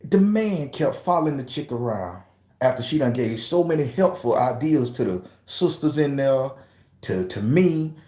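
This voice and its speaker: A man's voice: mid-range voice, expressive, moderate pace, warm tone. Profane man telling a story in a roomy space. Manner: profane, emphatic, talks straight to his audience. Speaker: tarot reader and channel host. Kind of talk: casual storytelling to viewers.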